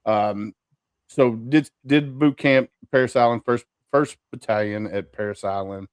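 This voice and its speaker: A man's voice: mid-range voice, steady tone, a little slow, clear, resonant tone, no room sound. A man, telling his story as a podcast guest in an easygoing way. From Kentucky, US. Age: 40s. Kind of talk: casual interview.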